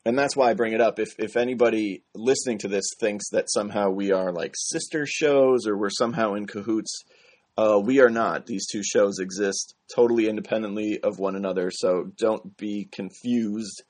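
A man's voice: fairly low pitch, steady tone, normal speed, a little mellow. A man co-hosting a podcast in casual chat, talking earnestly and laughing easily. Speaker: podcast co-host.

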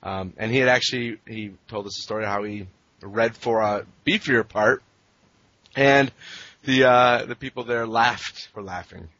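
A man hosting a podcast in casual chat, easygoing and quick to laugh. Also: on the low side, pushed and bright, no echo, muffled recording. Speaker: podcast host.

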